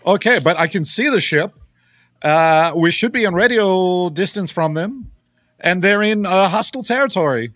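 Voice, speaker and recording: A man's voice: high-pitched, animated, moderate pace, fairly bright tone, no room sound. A man playing a hesitant Norwegian navy sailor. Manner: hesitant, many "uh"s. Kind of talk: improvised comedy sketch.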